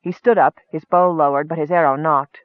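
A man reading a fantasy story aloud in a steady, measured way. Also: on the high side, dry recording. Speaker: audiobook narrator. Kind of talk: scripted fantasy narration. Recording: dry tinny phone-like audio.

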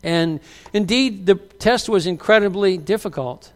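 A man's voice: high-pitched, unhurried. A middle-aged male pastor preaching a sermon, telling stories and acting out the people in them. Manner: animated storyteller who acts out quoted lines. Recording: long hall reverb.

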